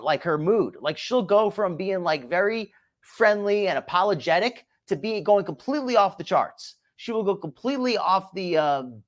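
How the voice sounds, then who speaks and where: A man hosting a commentary show, talking casually and rambling, often repeating his words. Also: high voice.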